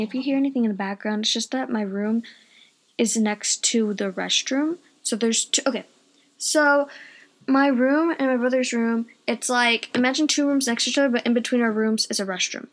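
A woman's voice: on the high side, fairly bright tone. A young woman, chatting casually at home in her bedroom and rambling through a personal story, often losing her train of thought. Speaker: vlogger.

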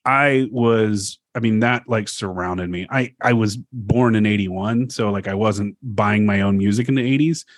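Podcast co-host, forties, animated storyteller who curses and acts out quotes, dry close sound. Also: male voice, fairly low pitch, measured pace, hardly any pauses, no room sound. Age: 40s. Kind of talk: casual chat.

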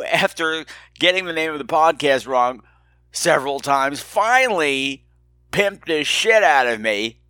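A man hosts his podcast in a bright, forceful voice. He is campy, flirty and self-mocking as he riffs and reads listener emails. The recording is dry and close, with no room sound. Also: a little high, dry recording. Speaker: podcast host. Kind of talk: casual solo podcast chat.

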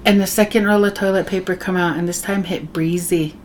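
A woman telling a ghost story on a podcast in a casual, animated way, acting out other people's lines and laughing often. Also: on the low side, fairly quick, slight background noise. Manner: animated, acts out others' voices in her tales. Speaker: podcast guest, host's wife.

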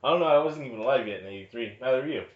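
A man's voice: medium pitch, lively intonation, rapid-fire. Sardonic man in an echoey room. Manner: sardonic, swears casually. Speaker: podcast co-host. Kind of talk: casual movie review chat. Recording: echoey room, dull lo-fi sound.

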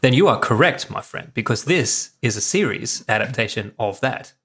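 A man in casual conversation with a mid-pitched voice. He talks wryly and jokingly and drops the odd swear word. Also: lively intonation, moderate pace, a bit bright, breathy edge. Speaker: podcast co-host. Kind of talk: casual chat.

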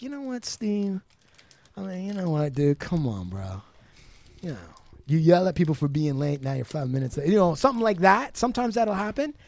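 A man's voice: sits high, darkish tone, no echo. A man hosting a podcast in casual chat, probing his guest and acting out remarks as quoted asides. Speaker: podcast host.

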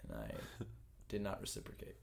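A man co-hosting a casual podcast, joking and laughing often as he tells a rambling personal story. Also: normal speed. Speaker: podcast co-host. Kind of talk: casual chat. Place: New York.

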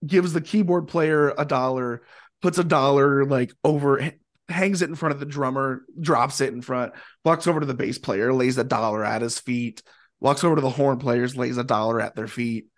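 A man telling a long story in a casual, animated way, with plenty of fillers and acted-out quotes. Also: mid-range voice, normal speed. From Indianapolis area, USA. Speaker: guest musician.

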